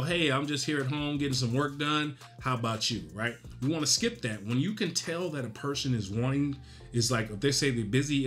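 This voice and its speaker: Direct, emphatic male sales coach. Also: medium pitch. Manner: direct, emphatic, frequent "right?" tag questions. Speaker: real estate coaching host. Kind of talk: casual instructional talk.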